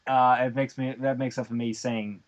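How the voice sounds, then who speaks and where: A man's voice: medium pitch, flat delivery, moderate pace, dull audio. A man, joking and laughing as co-host of a casual podcast chat. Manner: jokey, laughs often.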